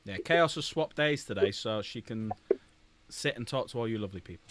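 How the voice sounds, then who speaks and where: A man's voice: lowish voice, lively intonation, a little fast, noisy background. A man, casually chatting and joking with viewers while painting miniatures, swearing freely. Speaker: host painting miniatures on a live stream.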